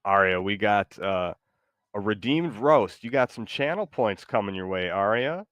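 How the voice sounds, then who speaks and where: Male streamer, lower voice, dry close mic, casual and rambling, excitable. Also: moderate pace, dry recording. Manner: loose, excitable, rambling, lots of fillers. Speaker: gaming streamer. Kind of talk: casual live commentary while playing.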